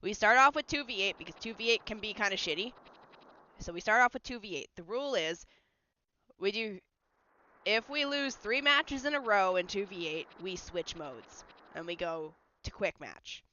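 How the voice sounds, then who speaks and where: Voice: medium pitch, normal speed, bright, forceful tone, slight background noise. A livestreamer in casual, rambling chat while gaming at home, answering messages from chat. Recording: slightly dull lo-fi mic. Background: faint game music.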